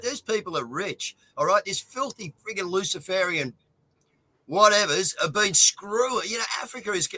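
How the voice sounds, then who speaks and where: A man's voice: high voice, pushed and bright, low-quality recording. An Australian man ranting in a casual online chat show, swearing and fired up.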